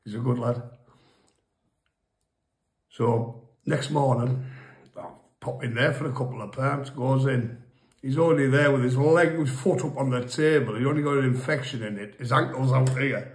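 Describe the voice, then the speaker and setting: A man's voice: medium pitch, fairly even intonation, normal speed, long pauses, echoey room. A man casually telling a crude, rambling pub story, often laughing at his own tale. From England.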